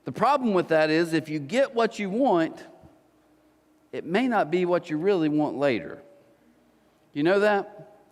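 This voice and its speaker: A man in his forties preaching a sermon, telling stories with lively acted-out quotes. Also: on the high side, measured pace, pauses often, big-room sound. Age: 40s. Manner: animated storytelling, acting out quotes. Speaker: pastor. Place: church auditorium.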